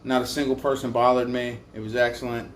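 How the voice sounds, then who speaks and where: A tired man tells a road-trip story in loose, casual chat, swearing freely and laughing at himself. His voice sits at an ordinary middle pitch. A faint hiss runs underneath. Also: level tone, a little fast. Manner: crude, profane, self-mocking storyteller. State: tired from little sleep. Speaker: motorcycle travel vlogger.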